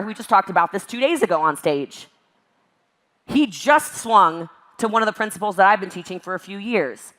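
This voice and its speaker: Emphatic woman speaker. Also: on the high side. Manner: emphatic and animated, acts out exasperated voices. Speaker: network marketing speaker. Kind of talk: motivational talk to a virtual event.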